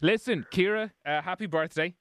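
A man's voice: high-pitched, normal speed, a bit bright, smooth, dry recording. A man hosting a radio show, bantering playfully and laughing often. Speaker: radio host.

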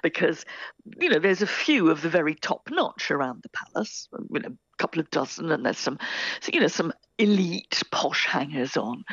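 A woman guest historian explaining in a chatty, lively way on a radio interview, with many asides. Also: lowish voice, breathy edge, dry recording. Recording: dull lo-fi sound.

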